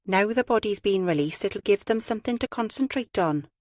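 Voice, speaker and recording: A woman voicing a young female detective sergeant who speaks briskly and eagerly. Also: medium pitch, animated, darkish tone, no room sound, studio quality, voice pushed up, lightly acted.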